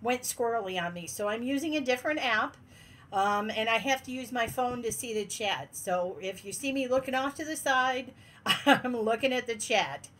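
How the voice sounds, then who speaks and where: A woman's voice: on the high side, normal speed, fairly bright tone, slight background noise. A woman hosting a casual livestream from her den at home, bubbly and laughing often as she greets viewers one by one. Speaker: livestream host.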